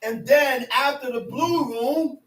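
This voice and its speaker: A man teaching a Bible class as a preacher, animated and often shouting, with laughs between points. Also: very high-pitched, slow. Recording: roomy sound from a distant mic.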